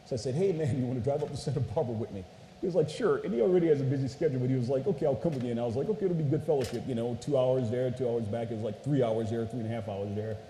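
A man's voice: mid-range voice, very fast, mellow. A man preaching a casual storytelling sermon, chatty and playful, often saying "you guys" to the crowd. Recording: echoey hall with faint noise.

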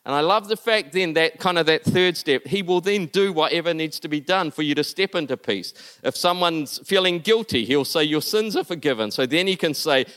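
Earnest high-voiced male preacher. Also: lively intonation, brisk, few pauses. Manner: earnest, building to emphatic peaks, then dropping soft and low. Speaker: pastor. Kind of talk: sermon.

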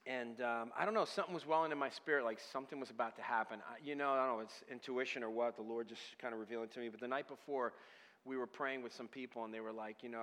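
A man preaching a sermon, telling a personal story and building from quiet storytelling to loud, passionate crying out. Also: medium pitch. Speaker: pastor. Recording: hall with long reverb.

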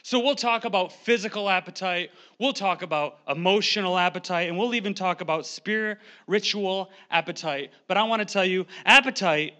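A young man preaching a humorous sermon from a church pulpit, fast-talking, joking and animated, on a handheld microphone. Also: sits high. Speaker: guest preacher. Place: church sanctuary.

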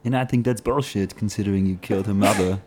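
A man's voice: on the low side, quick pace, darkish tone, faint music behind. A man playing a tabletop game who speaks in a dry, blunt way. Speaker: player. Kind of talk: casual tabletop play.

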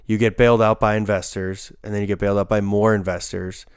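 Smooth low-voiced man explaining. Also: little pitch movement, quick pace, dry recording, clean studio sound. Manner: explains ideas steadily, analytical. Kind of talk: casual chat.

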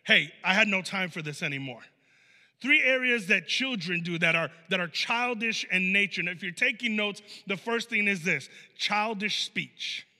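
A man preaching a conversational sermon as a pastor in a church, animated, with many casual fillers and acted-out quotes. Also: high voice, long reverb tail. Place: church sanctuary.

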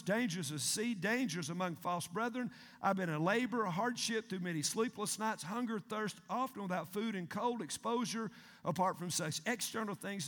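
A male pastor, preaching a sermon in an animated, emphatic way and asking the congregation questions. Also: high-pitched. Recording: long hall reverb.

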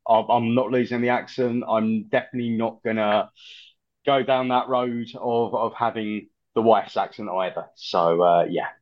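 A man's voice: lowish voice, fairly even intonation, normal speed, highs cut off. A man with an American accent, a regular on a podcast, answering in a hesitant, good-natured way. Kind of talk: casual podcast chat.

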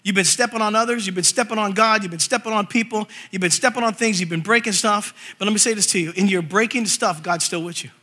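High-voiced, bright-toned male preacher. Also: husky. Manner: animated storytelling, jokes and voices; reads scripture slowly and forcefully. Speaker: pastor. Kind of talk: sermon.

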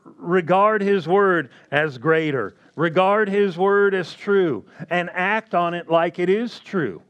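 Slow, emphatic male preacher. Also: high-pitched, clear, resonant tone, lo-fi sound. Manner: slow, emphatic, asks the congregation questions. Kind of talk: sermon.

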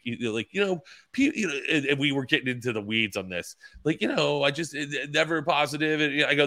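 A man's voice: fairly high pitch, quick pace, hardly any pauses, pushed and bright, no room sound. A man co-hosting a casual podcast, telling rambling stories and acting out what people said, with stammers and restarts. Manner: rambling storyteller, acts out quotes with stammers. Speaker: podcast co-host.

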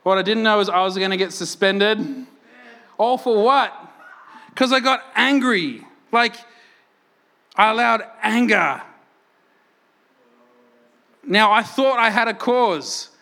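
A man's voice: high-pitched, takes it slowly, gravelly, pauses often, sharp tone. A young adult Australian man preaching a sermon in a conversational, self-mocking storytelling way, often asking "right?". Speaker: pastor.

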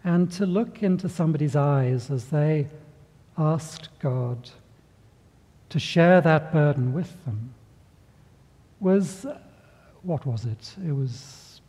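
A middle-aged man preaching a sermon, speaking with measured pauses and slipping into voices when telling a story. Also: mid-range voice, dark tone, husky, in a large hall. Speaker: pastor.

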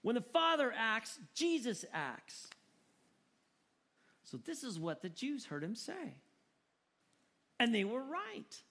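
High-voiced animated male preacher. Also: slow, long pauses. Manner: animated, joking, emphatic with repeated words. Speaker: pastor. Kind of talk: sermon.

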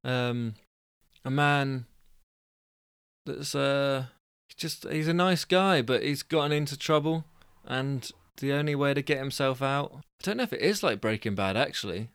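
A man's voice: medium pitch, unhurried, fairly bright tone, clean tone, dry recording, studio quality. A man who hosts a storytelling show, reading stories aloud and chatting with rambling, self-deprecating asides. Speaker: storyteller and host.

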